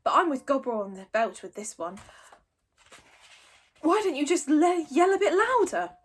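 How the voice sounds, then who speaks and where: A woman's voice: sits high, sing-song, moderate pace, voice pushed up. A woman voicing a gloomy young Viking boy who drawls, in a storybook reading. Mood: drawling.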